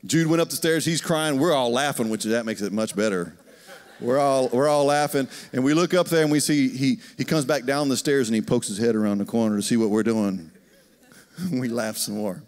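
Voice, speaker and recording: A man's voice: mid-range voice, normal speed. Man preaching in a reverberant hall. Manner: storytelling, animated, asks the congregation questions. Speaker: pastor. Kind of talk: conversational sermon. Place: church sanctuary.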